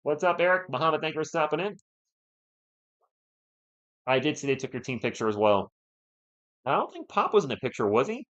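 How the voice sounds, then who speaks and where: A man's voice: a little high, a little fast, pauses often, highs cut off. A man hosting a fan live stream, calling the game play by play and bantering with the chat. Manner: animated, partisan, banters with chat.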